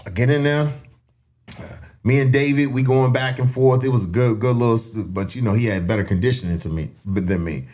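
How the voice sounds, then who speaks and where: A man in his thirties from Elgin, telling a story on a podcast in a casual, animated way and laughing often. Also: mid-range voice, brisk. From Elgin, Illinois. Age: 30s. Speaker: podcast guest.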